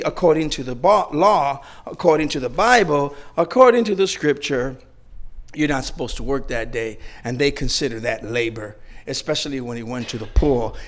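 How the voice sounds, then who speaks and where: A man preaching a sermon, retelling a story in an animated, conversational way. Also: fairly high pitch. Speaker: guest preacher.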